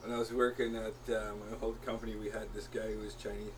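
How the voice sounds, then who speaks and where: A man's voice: on the low side, level tone, quick pace. A man casually joking and swearing with friends over a board game and telling work stories. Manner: laughing, swears, tells work anecdotes. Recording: distant mic, faint noise.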